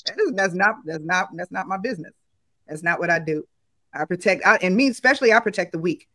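Animated woman on a video call. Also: high-pitched, fast talker, no room sound. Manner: animated, acts out other people's tones. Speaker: panelist. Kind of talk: casual panel discussion.

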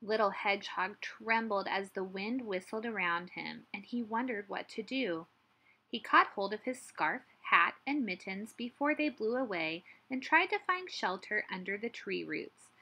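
A woman teacher reading a picture book aloud with gentle, expressive storytelling. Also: medium pitch, measured pace, slightly rough.

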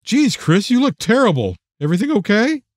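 A man's voice: sits high, sing-song, a little fast, no room sound, voice pushed up. A bubbly, chatty neighbor woman, put on by a man reading a novel, with a raised, bouncy voice that swings up and down. She sounds friendly and upbeat. The recording is dry and close. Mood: cheerful.

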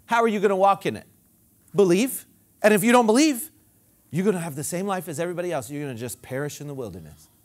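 A male pastor delivers an animated sermon in a fairly high voice. His pitch leaps and falls widely, rising to loud emphatic proclamations before dropping to quiet, low asides. He leads the congregation in call-and-response. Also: fast.

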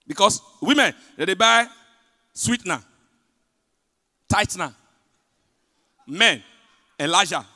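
A man with a Nigerian accent performing a stand-up comedy set in pidgin, telling stories with big swings between loud punchlines and hushed asides. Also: high-pitched, expressive, takes it slowly, long pauses. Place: large hotel event hall. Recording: live hall reverb.

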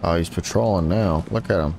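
Fairly quick and a little mellow, with vocal fry, this man provides let's play commentary for his channel. He taunts enemies, his voice jumping high in frustration, while game sounds and slight background noise run behind.

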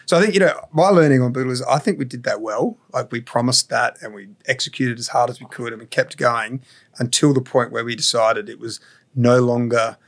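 Male founder guest, measured and explanatory, mid-pitched. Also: steady tone. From Australia. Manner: measured, explains at length with frequent "you know" and "like". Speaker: entrepreneur guest. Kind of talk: reflective podcast interview.

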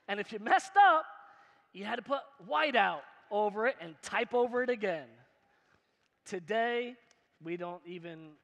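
Pastor guy preaching, high bright voice, big church echo, chatty and punchy with the crowd. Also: lively intonation, unhurried, long pauses, dull audio. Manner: emphatic and conversational, asks the crowd questions, jokes. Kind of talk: sermon. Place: church hall. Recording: long hall reverb in a church.

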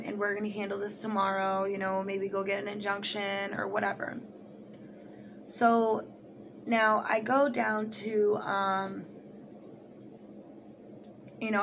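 A young woman retells a story straight to her camera, rambling and leaning on filler words like "like" and "you know". Her voice stays fairly level in pitch throughout. A faint hiss sits under the recording. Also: measured pace, pauses often. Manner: rambling, heavy use of "like", animated retelling. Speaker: vlogger.

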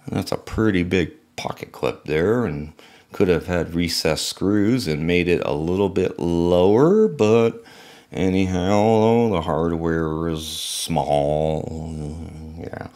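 A man's voice: sits low, slow pace, a little mellow. A man casually unboxing and reviewing a knife, musing to himself as he handles it.

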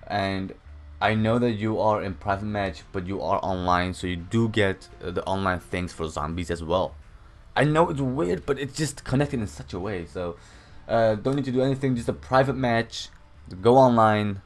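Low-voiced young man, casually swearing. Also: normal speed. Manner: laid-back, swears often, rambling. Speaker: gaming channel host. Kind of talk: casual game tutorial commentary. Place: home room.

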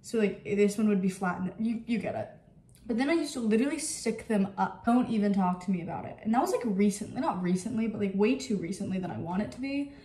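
A woman's voice: medium pitch, animated, quick pace, mellow. A young woman rambling to the camera in a casual home vlog, chatty and full of fillers. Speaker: lifestyle vlogger. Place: at home, indoors.

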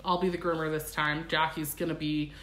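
A woman, a pet groomer, hosting a live stream in a brisk, matter-of-fact way. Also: low-pitched, little pitch movement, a bit bright. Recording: roomy echo.

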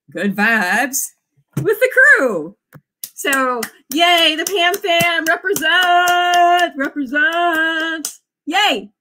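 Slightly high and bright, this woman's voice carries a forceful tone. In her forties, she's an author hosting a casual, bubbly writing sprint livestream, frequently whooping to encourage the people watching.

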